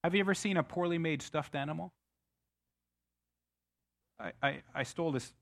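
A middle-aged man preaching a sermon as pastor, emphatic, often restarting words with quick repeats. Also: fairly high pitch, vocal fry, fairly bright tone.

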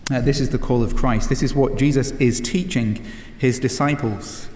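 A man's voice: mid-range voice, moderate pace, hardly any pauses, darkish tone, a little hiss or hum. A man preaching a sermon in an earnest way, with many "uh" fillers and rhetorical questions. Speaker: pastor. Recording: echoey hall with long reverb.

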